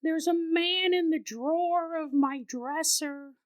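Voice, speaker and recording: A man doing a frightened little girl. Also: takes it slowly. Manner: high, small, pleading child voice. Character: scared three-year-old girl.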